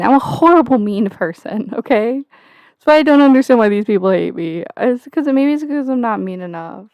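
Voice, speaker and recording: Streaming casually from home, a young woman jokes and rambles with frequent profanity and fillers. Her mid-range voice is expressive, creaky and a little mellow, and she speaks briskly. The sound is dry and cleanly studio-recorded.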